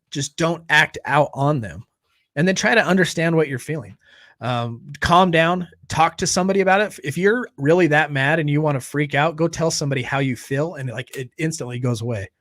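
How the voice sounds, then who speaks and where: A man hosting a live recovery stream in a loose, joking, animated way. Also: fairly high pitch, no echo, clean studio sound. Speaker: host. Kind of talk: casual live-stream chat.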